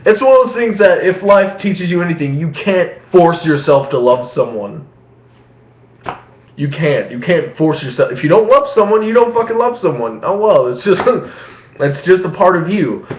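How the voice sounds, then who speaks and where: A man's voice: high voice, very animated, moderate pace. A young man rambling casually and profanely in a home vlog, laughing often and mocking what he heard. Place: small room at home. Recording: echoey room, dull lo-fi sound.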